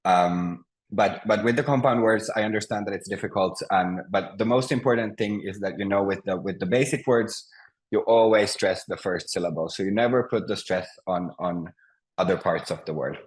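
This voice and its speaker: A man leads an online language lesson over a video call. His voice sits on the low side, and he speaks patiently, pausing with fillers and restarting his sentences as he explains. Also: poor audio. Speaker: Finnish teacher. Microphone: video call mic.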